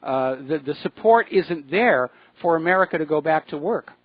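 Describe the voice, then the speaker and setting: A man's voice: fairly high pitch, expressive, no room sound, phone-quality sound. Dry-sounding male radio talk host. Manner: measured, explanatory, with frequent uh fillers. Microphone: studio microphone.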